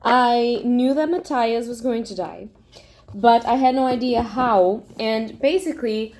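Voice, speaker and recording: A woman's voice: fairly high pitch, a little slow, darkish tone. A young woman book vlogger in a casual, emotional reaction vlog, gushing and swearing freely.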